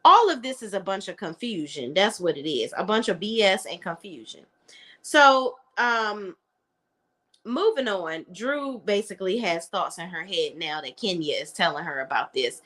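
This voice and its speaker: A woman's voice: medium pitch, expressive, normal speed, a bit bright. A woman reviewing a reality show in a casual, blunt, opinionated chat.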